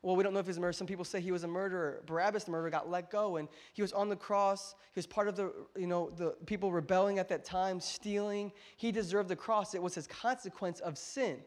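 A male pastor with a high voice preaches to his church in an auditorium, talking fast with hardly any pauses. His sermon is full of personal stories, told in a lively, jokey way as he speaks directly to the congregation.

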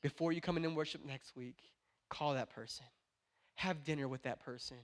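A young adult man preaching a sermon in church, talking in an earnest way and at times rising into passionate shouting. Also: on the high side, normal speed. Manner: builds from quiet earnest talk to passionate shouting. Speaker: pastor.

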